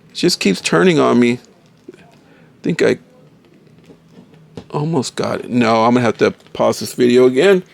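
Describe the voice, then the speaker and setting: A man's voice: mid-range voice, expressive, moderate pace, gravelly, long pauses. A man casually reviewing a toy figure, enthusiastic and often calling viewers folks.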